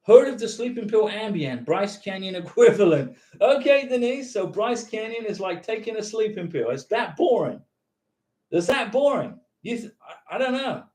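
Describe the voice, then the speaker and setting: A chatty man with a high voice hosts a casual livestream. He reads out viewers' comments and answers them directly. The sound rings around an echoey room. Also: a little mellow.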